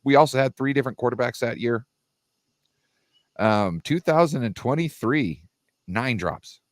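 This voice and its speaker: A man's voice: medium pitch, expressive, moderate pace, no echo, studio quality. A man co-hosting a casual football debate livestream, making emphatic points and restarting his sentences as he argues. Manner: emphatic, repeats and restarts while arguing. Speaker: co-host, 49ers fan.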